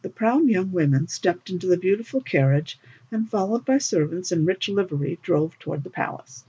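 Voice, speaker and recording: Woman narrating a storybook, lively intonation, husky and breathy, dull lo-fi sound. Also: lowish voice, moderate pace. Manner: expressive, lilting. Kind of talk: storybook reading. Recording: dull lo-fi recording.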